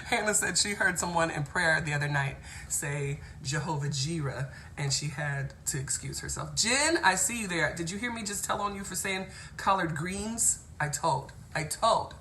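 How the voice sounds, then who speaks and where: A woman from Cincinnati hosting a chatty live stream, playful and quick to laugh as she greets viewers by name. Her voice sits on the low side. Faint noise hums behind her. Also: lively intonation, sharp tone. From Cincinnati, Ohio. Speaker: host. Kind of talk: casual live-stream chat reading viewer comments.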